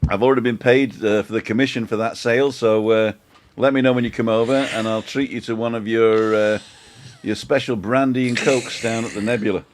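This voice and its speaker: A man's voice: mid-range voice, steady tone, a little fast. A man hosting a casual live-stream chat, jokey and chatty, reading out viewer comments. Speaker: host.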